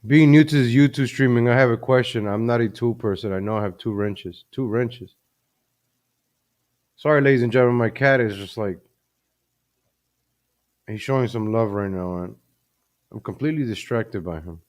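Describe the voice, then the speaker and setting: A man's voice: medium pitch, moderate pace, long pauses, darkish tone. A man hosting a casual live stream from his home computer, chatty and easily distracted, often repeating himself. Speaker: livestream host. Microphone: desk microphone.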